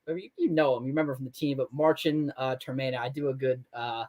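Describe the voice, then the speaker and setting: A young man, a former college basketball player, chatting as a guest in a relaxed way with many fillers. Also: medium pitch, quick pace, highs cut off. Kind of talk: casual interview chat.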